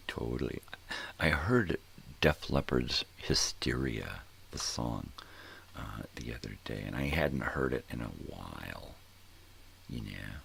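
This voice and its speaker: A man's voice: very deep voice, unhurried, vocal fry, a bit bright, a little hiss or hum. An older man hosting a casual morning show, rambling and thinking aloud, often trailing off into mumbles. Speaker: host.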